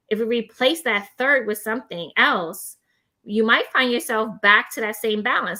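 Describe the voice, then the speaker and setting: A bright, high-voiced woman talks in a lively, casual way. She laughs easily and keeps checking in with her listener as she hands out everyday advice. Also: normal speed. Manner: animated, laughs often, many "right?" tags. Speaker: host; gives advice to people with depression. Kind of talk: casual chat about mental health.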